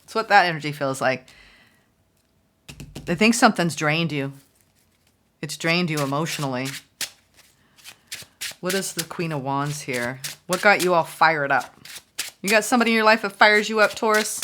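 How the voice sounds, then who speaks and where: A woman's voice: low voice, normal speed, long pauses, fairly bright tone, slight background noise. A woman giving a casual, chatty tarot reading, musing aloud and voicing the viewer's thoughts. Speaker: tarot reader.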